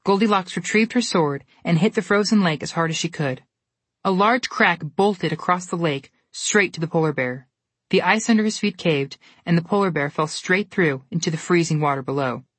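A woman telling a storybook tale in steady, expressive scripted narration. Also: fairly low pitch, moderate pace, slightly rough, no room sound.

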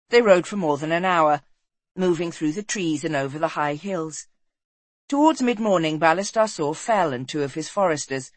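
An audiobook narrator reading a fantasy story in a steady, measured storytelling voice. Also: medium pitch, dry recording. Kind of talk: scripted narration.

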